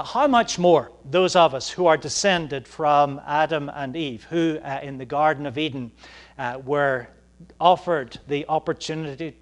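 A male preacher delivering a sermon in a slightly higher-than-usual voice. He talks haltingly, stopping often on fillers, and then pushes his points with strong emphasis. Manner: halting, many "uh" fillers, rising emphatic moments.

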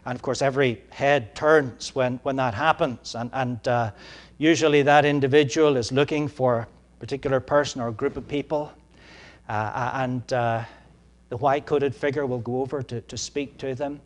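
A man preaching a sermon as pastor, measured and halting with ums, then swelling to emphatic peaks. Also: mid-range voice, fairly even intonation.

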